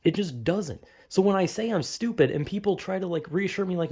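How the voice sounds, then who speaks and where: A young man talks through a rambling, self-deprecating monologue, cursing freely and circling back with fillers. His voice sits slightly high and carries a gravelly rasp. He sounds close to the mic. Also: animated, normal speed, hardly any pauses, warm tone. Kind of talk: casual self-reflective monologue.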